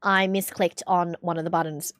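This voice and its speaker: Hoarse young woman streamer chatting. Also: lowish voice, little pitch movement, moderate pace, soft background music. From Australia. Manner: chatty, swears often, reads chat aloud. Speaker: livestreamer. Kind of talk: casual stream chat, reacting to clips.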